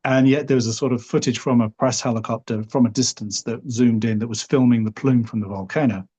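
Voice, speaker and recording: Husky Liverpool man telling a story. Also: mid-range voice, fairly even intonation, fairly quick, dark tone, dull audio. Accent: Liverpool English. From Liverpool, England. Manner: rambling, hedges often with "sort of" and "you know". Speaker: podcast guest. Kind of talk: relaxed storytelling.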